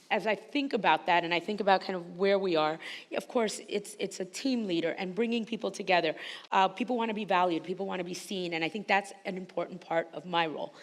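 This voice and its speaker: A woman with a slight Spanish-influenced accent, speaking energetically and emphatically as a panelist at a conference. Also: on the low side. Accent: Spanish-influenced English. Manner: energetic, emphatic, laughs often. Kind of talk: panel discussion. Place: conference hall stage. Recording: reverberant hall.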